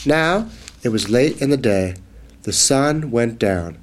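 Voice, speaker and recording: A man reading a children's phonics book aloud, slow and clearly enunciated. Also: mid-range voice, animated, slight background noise. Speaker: reader.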